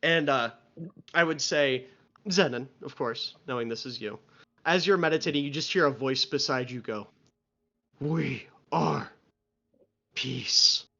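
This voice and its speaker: A man's voice: medium pitch, normal speed, bright, forceful tone. A man narrating a live tabletop role-playing game as game master, in loose narration full of fillers. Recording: lo-fi stream audio.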